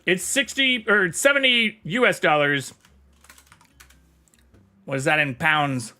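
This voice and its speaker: A man's voice: a little high, sing-song, takes it slowly, bright, forceful tone. A man chatting casually on a live stream, reading chat aloud and swearing freely. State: talking with mouth full.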